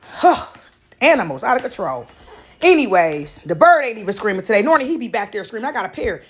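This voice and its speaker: Animated high-voiced woman telling stories. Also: quick pace, slightly rough. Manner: animated storytelling, mimics others. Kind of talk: casual monologue.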